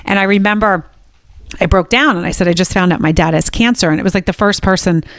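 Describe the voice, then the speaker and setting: A woman's voice: medium pitch, fast talker, dry recording, clean studio sound. A middle-aged woman hosting a podcast, talking in a rambling, emotional way with many restarts. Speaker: podcast host. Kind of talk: conversational interview.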